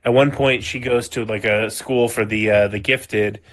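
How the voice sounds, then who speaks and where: A man's voice: fairly low pitch, steady tone, moderate pace. A man co-hosting a casual podcast, recounting a story at length with lots of "like" and the odd swear word. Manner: rambling storyteller, heavy use of "like", swearing. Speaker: podcast co-host.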